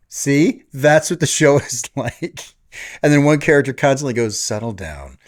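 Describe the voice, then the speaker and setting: A man's voice: fairly high pitch, a little slow. A middle-aged man co-hosting a podcast in casual chat, joking and swearing in bro banter. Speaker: podcast co-host.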